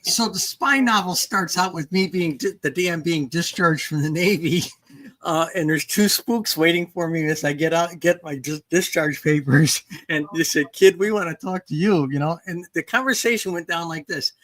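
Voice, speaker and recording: An older woman author telling a story in casual conversation, animated, acting out dialogue with some restarts. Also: lowish voice, moderate pace.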